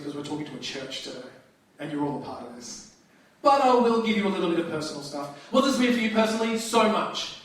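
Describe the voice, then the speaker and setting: A man with a high voice preaches to his congregation, casual and lively, often restarting his sentences. He sounds distant from the microphone. The hall around him rings with a strong echo. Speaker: pastor. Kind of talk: sermon. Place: church hall. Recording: very echoey hall, distant mic.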